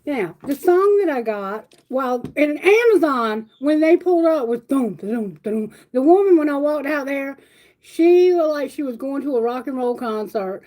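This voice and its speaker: A woman's voice: high-pitched, animated, a little slow, a little mellow, low-quality recording. A woman reading tarot on a casual livestream, chatty and affectionate, talking to her viewers. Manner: chatty, affectionate, sings song lyrics herself. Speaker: tarot reader.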